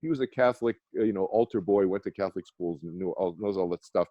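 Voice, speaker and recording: A man's voice: deep voice, fast, dry recording, lo-fi sound. A man, a meditation teacher, telling a personal story as a radio guest, earnest and rambling with many restarts. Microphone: phone or video call.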